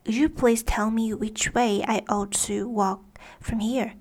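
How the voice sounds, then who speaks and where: A woman's voice: a little high, steady tone, a little slow, a little mellow. A woman voicing a polite, curious young girl who keeps asking questions.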